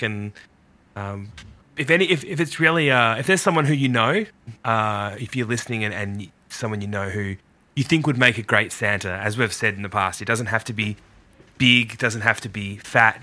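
Low, bright host. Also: male voice. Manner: relaxed, slow when calm, speeds up when excited. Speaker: podcast host. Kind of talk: casual podcast chat.

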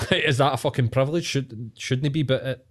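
A man's voice: mid-range voice, normal speed. A Scottish man co-hosting a podcast, chatting casually and telling sweary stories, acting out the people he quotes. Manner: sweary, animated storytelling with acted-out quotes. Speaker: podcast co-host. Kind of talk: casual banter.

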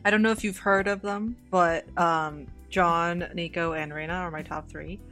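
A woman's voice: fairly low pitch, steady tone, moderate pace, fairly bright tone, faint music behind. A woman in casual podcast chat, laid-back and wry. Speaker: podcast player.

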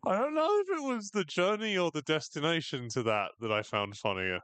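A man's voice: a little high, big pitch swings, brisk, a bit bright, dry recording. A man co-hosting a podcast, recapping a show in casual chat with sardonic jokes and free swearing. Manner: sardonic, jokey, swears freely. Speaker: podcast co-host.

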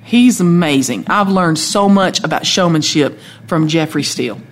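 A woman telling stories in a lively, talkative way as a country music guest in a casual chat. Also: low voice, normal speed, slight background noise. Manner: lively, talkative, animated storyteller.

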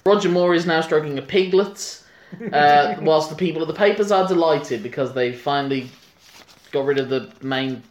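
A man's voice: on the high side, moderate pace. Rambling man in an echoey room. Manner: rambling, restarts often, laughs a lot. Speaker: podcast co-host. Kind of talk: casual film chat.

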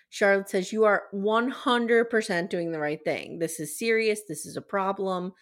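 A woman hosting a casual podcast recap, retelling a TV episode with animated energy. She slips into the characters' lines as she goes. Her voice sits at a middle pitch for a woman. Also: unhurried, hardly any pauses. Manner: animated retelling, acts out quotes. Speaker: podcast host.

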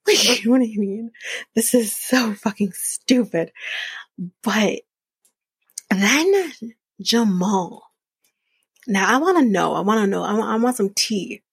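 A woman's voice: medium pitch, expressive, takes it slowly, creaky, pauses often, slightly rough, no room sound. A woman in her early thirties hosting a podcast, giving a blunt, profane, opinionated casual recap of a reality show. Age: early 30s. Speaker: podcast host.

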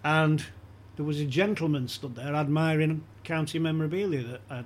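A man's voice: on the high side, normal speed, a little hiss or hum. A man as a podcast guest, telling anecdotes in casual chat and chuckling often as he talks.

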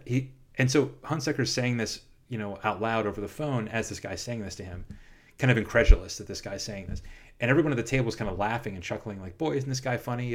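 A man in casual film discussion, animated and quick in bursts, often restarting his sentences. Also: fairly low pitch.

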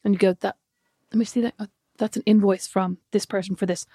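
A woman co-hosting a podcast in casual chat, telling animated stories and swearing freely. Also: medium pitch, brisk, breathy edge, dry recording, studio quality. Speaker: podcast co-host.

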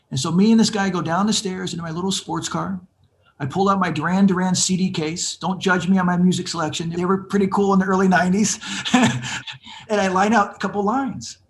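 A man in his fifties telling his own life story in an interview, animated and acting out the voices of people he quotes. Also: sits high. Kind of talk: conversational storytelling.

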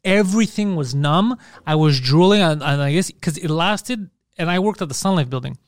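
A man co-hosting a podcast, telling stories in a profane, animated way. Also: fairly high pitch, moderate pace, no echo, clean studio sound. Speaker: podcast co-host. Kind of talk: casual comedic chat.

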